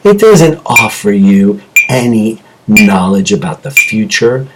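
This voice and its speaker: Animated middle-aged man ranting to camera. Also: medium pitch, heavy background noise. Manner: impassioned, rambling, jumps between topics. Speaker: self-improvement video host. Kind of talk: animated solo monologue to camera.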